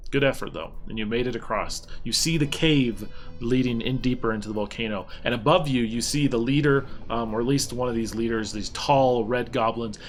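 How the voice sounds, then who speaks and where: A man narrating as game master, describing scenes loosely and explaining the rules as he goes. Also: lowish voice.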